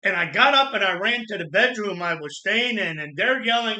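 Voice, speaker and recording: A man from Florida telling his own life story in a halting, earnest way, with pauses and restarts. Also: high-pitched, animated, pushed and bright. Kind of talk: personal storytelling monologue. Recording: echoey room.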